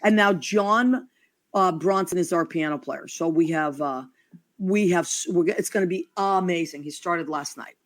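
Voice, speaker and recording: A woman's voice: lowish voice, moderate pace. A woman hosting a casual chat show, gushing and affectionate with her guests. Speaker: host.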